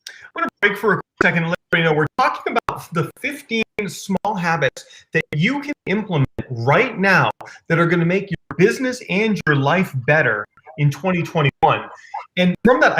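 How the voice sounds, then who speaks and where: A man hosting a live business chat over a video call, enthusiastic, repeating words in quick bursts. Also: on the high side, a bit bright. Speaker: host of a live business stream. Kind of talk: casual chat.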